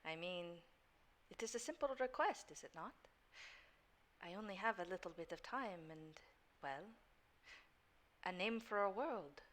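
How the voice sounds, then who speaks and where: A sly tawny lion speaks low and coaxing, almost whispering as it presses its bargain, as a woman puts it on. The voice stays soft and bright-toned, smooth and patient, full of quiet persuasion. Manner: soft, coaxing, hushed at times.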